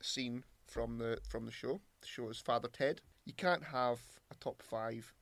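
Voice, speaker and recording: A man's voice: medium pitch, a little slow, fairly bright tone, dry recording. A man co-hosting a podcast, bantering in a teasing, playful way. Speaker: podcast co-host. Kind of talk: casual chat.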